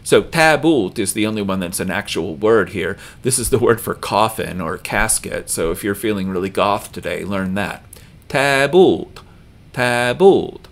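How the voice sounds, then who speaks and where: Patient low-voiced man teaching pronunciation. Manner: slow and patient, repeating example words with loud stress. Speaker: language teacher. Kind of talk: recorded video lesson.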